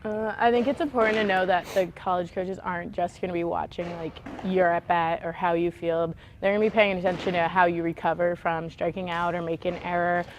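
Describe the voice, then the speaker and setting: A young woman, a college softball player, giving calm and thoughtful interview answers, often saying like and um. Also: lowish voice, a little fast, hardly any pauses, a little hiss or hum. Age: young adult.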